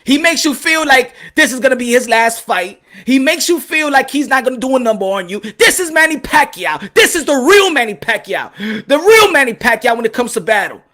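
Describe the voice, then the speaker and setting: High bright-voiced guy ranting about boxing, emphatic, keeps repeating himself. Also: big pitch swings, brisk. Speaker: boxing commentator. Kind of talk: casual boxing commentary.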